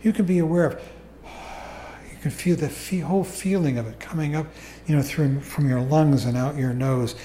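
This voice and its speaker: Calm man teaching meditation, mellow tone. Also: on the high side, slight background noise. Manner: calm, unhurried, explanatory. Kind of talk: dharma talk to a meditation group. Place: meditation hall. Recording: echoey room recording.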